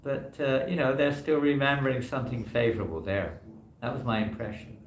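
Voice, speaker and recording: A man's voice: medium pitch, a little fast, slight background noise. Rambling man teaching in an echoey hall. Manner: conversational and rambling, many "you know" fillers. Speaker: monk giving a scripture class. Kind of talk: informal scripture class. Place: temple hall.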